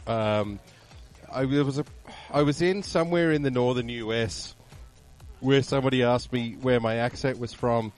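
A man's voice: medium pitch, moderate pace, soft background music. A man with an Australian accent in casual radio chat, dry and jokey, telling anecdotes.

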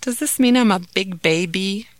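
A woman's voice: medium pitch, normal speed, dry recording, lightly acted. A woman voicing a frightened young boy woken by a nightmare, pleading and timid. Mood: calmer.

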